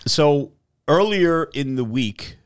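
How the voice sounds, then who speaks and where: A man hosting a podcast, asking probing questions in a halting, casual way. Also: on the high side, lively intonation, smooth. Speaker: podcast host. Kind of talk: casual chat.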